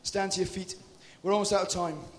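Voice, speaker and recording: A man's voice: high voice, fairly even intonation, fairly quick, slight background noise. A man from Britain, preaching a sermon to a crowd with impassioned, casual, slangy directness.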